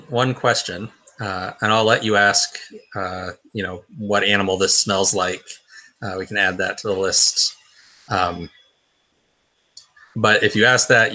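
A man's voice: fairly low pitch, bright, forceful tone. A man narrating a tabletop role-playing game as game master, in a hesitant way with many fillers and restarts.

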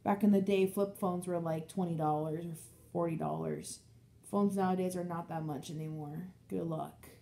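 A young woman chats casually on her book vlog in a soft, mellow voice. She rambles and restarts her sentences, hopping from story to story and slipping into quick impressions of her friends and family as she goes. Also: on the low side, vocal fry. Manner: rambling, animated storytelling with acted-out quotes. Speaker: book vlogger. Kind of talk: casual chat.

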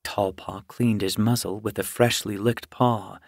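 A man narrating an audiobook in a measured storytelling manner. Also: on the low side, steady tone, gravelly, husky, no room sound, clean studio sound. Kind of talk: scripted narration.

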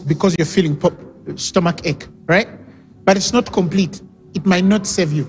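A high-pitched man preaches a sermon at normal speed, emphatic and repetitive, often calling for responses from the congregation. He's a pastor who repeats key phrases, recorded in a reverberant hall with music underneath.

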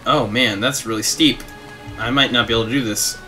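Bright-voiced excitable young man gaming. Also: mid-range voice, brisk. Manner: excitable, reads game text aloud, laughs at himself. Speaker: gaming streamer. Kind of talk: casual let's play commentary. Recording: faint game music behind.

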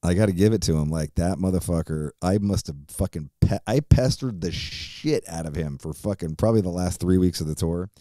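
A man's voice: deep voice, brisk, hardly any pauses, mellow, dry recording, clean studio sound. A middle-aged man hosting a podcast, telling a story casually in a rambling, profane way full of fillers and restarts. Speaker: podcast host.

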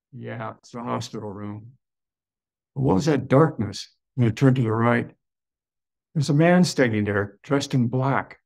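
A man with a gravelly, creaky voice recounts a personal experience as a guest. He speaks slowly and in awe, and his voice jumps up when he gets excited. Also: mid-range voice. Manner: slow, wondering delivery with sudden excited rises. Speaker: podcast guest. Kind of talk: personal storytelling.

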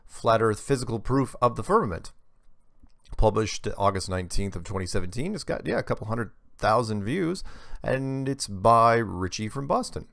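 A man's voice: sits low, vocal fry, a bit bright, no room sound, clean studio sound. A man hosting a show, reading viewer emails aloud and adding casual asides. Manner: reads letters aloud, adds asides. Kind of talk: casual monologue.

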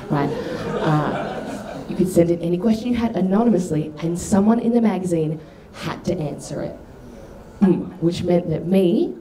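A woman doing stand-up, telling stories in a brash, animated way and shouting her punchlines. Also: on the low side. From Australia. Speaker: stand-up comedian. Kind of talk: stand-up routine. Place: comedy club stage with audience.

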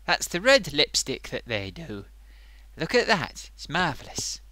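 A man voicing an excitable male sock puppet who hosts a comic makeup review, gushing and bumbling. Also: fairly high pitch, a little slow, full character voice. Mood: excited. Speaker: host.

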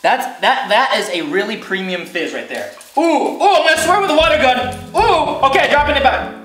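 An excited man hosting an unboxing vlog from his bathtub, shouting and giggling a lot. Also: very high voice, moderate pace. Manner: hyper, shouty, giggly, lots of slang. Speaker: vlogger host. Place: in a bathtub at home. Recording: echoey bathroom with background music.

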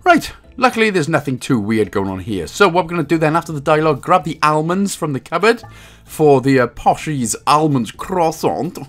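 A man narrating a game walkthrough, joking around and slipping into silly high voices. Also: very animated, moderate pace. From Wales. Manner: bursts into silly high-pitched voices and laughs at own jokes. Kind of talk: jokey game walkthrough commentary. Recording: faint game music underneath.

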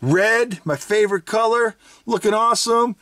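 A toy reviewer hosting a casual unboxing video, chatting with excitement, giggling often and thinking aloud. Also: medium pitch, normal speed, dry recording. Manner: thinks aloud, unsure asides. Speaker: toy reviewer, channel host.

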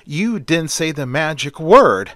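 A man voicing a dry, sarcastic male paranormal scientist in an amateur story reading, with a flat, unhurried delivery. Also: a little high, dry recording, exaggerated voice.

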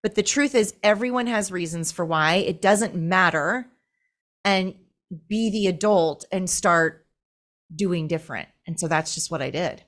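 A woman's voice: on the low side, measured pace, a bit bright. Blunt, candid woman guest. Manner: candid and blunt, casual swearing. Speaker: podcast guest. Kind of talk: casual interview chat.

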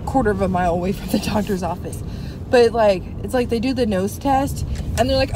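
A woman's voice: medium pitch, fairly quick. A woman travel vlogger chatting casually in a rambling, venting way, with a stuffy, runny nose. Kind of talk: casual vlog chat. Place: in a car by a busy road. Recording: steady traffic noise.

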